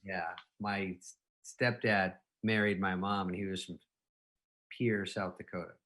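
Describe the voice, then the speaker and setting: A man's voice: deep voice, little pitch movement, a little slow, a bit bright. A man in his fifties, a comedian telling rambling anecdotes in casual chat, often laughing at his own stories. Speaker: comedian guest.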